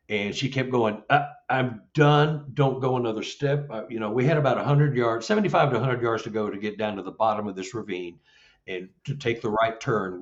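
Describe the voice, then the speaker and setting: A middle-aged man telling a story as an interview guest, acting out the dialogue with lively jumps in his voice. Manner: animated, acts out dialogue with rising pitch. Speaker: Sasquatch investigator, guest. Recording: dull lo-fi audio.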